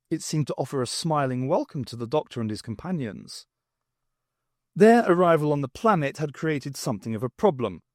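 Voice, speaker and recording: Guy reading a novel aloud, lively storytelling, no room echo. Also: a little high, clean studio sound. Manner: measured, expressive storytelling. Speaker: audiobook reader.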